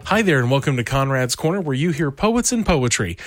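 A male radio host reading a poem aloud in a measured storytelling delivery into a studio microphone. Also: mid-range voice, big pitch swings, over music.

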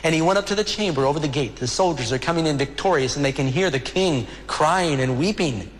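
A man preaching a sermon as a pastor, earnest and emotional, slowing down for dramatic pauses. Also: on the high side, animated, in a large hall.

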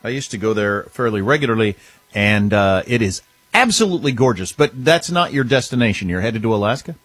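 A male radio host in the studio, chatting casually and cracking deadpan jokes. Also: lowish voice, brisk, husky, no echo. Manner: joking, deadpan. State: has pink eye. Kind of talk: casual chat.

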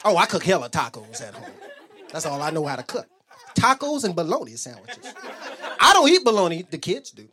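A man's voice: on the high side, sing-song, brisk, fairly bright tone, some chatter behind. A man doing a stand-up comedy set, telling casual confessional stories about being a stepdad.

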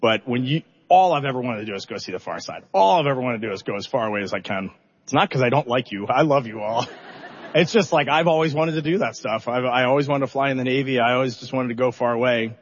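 Animated man telling a story in a hall. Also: mid-range voice, fast, a little hiss or hum. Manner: animated, self-deprecating, builds suspense. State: emotional, holding back tears. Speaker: mission commander. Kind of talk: press conference storytelling. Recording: dull recording in a reverberant hall.

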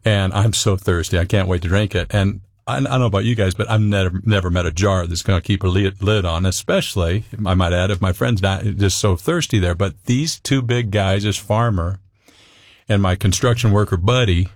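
Low-voiced man with wry humor. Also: a little fast, no room sound, studio quality. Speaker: interview guest. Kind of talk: casual personal storytelling.

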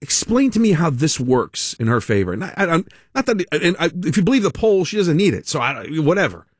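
A man's voice: fairly high pitch, sing-song, fairly quick, breathy edge, no echo, clean studio sound. A man hosting a talk radio show, riffing in a rambling, sardonic way and laughing at his own jokes. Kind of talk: casual radio monologue.

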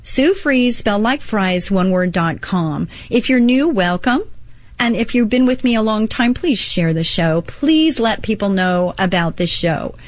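A woman's voice: mid-range voice, lively intonation, a little slow, dry recording. A middle-aged woman hosting a Christian inspirational radio talk show, earnest and encouraging, mixing devotional readings with personal asides.

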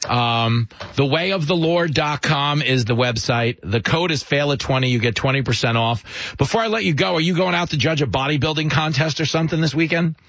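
A man's voice: fairly high pitch, a little fast, a bit bright, no echo. A man hosting a talk radio show, telling stories and joking at his own expense. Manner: self-deprecating, joking storyteller. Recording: dry, muffled radio broadcast.

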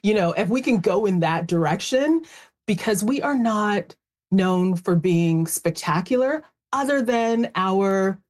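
A woman's voice: medium pitch, lively intonation, unhurried, darkish tone. A woman talking on a panel in a chatty way, often saying "you know". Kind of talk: panel discussion.

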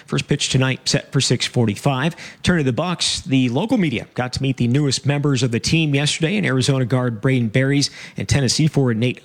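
A man reading a morning sports report on the radio, brisk and upbeat. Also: medium pitch.

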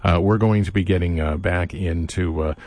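A male public radio host reading station announcements and chatting in a relaxed, halting way with many fillers, from a studio. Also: sits low, no room sound. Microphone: studio microphone.

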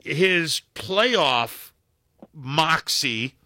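A middle-aged former baseball broadcaster telling anecdotes as a guest, with halting restarts and acted-out quotes. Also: male voice, on the high side, no room sound. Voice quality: halting, many restarts and fillers. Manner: acts out quotes in animated anecdotes. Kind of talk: casual phone-in storytelling.

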